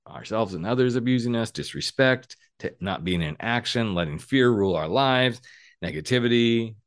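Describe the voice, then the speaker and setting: A man hosting a solo motivational podcast, talking emphatically, with bright stressed words and dropped low asides. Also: dry recording, studio quality. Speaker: podcast host.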